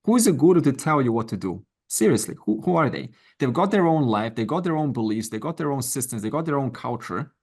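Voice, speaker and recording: Speaking quickly with few pauses, a middle-aged man leads an online Vedanta class in a relaxed, encouraging, conversational style full of asides and quoted voices. His medium-pitched voice is a little mellow and swings widely in pitch.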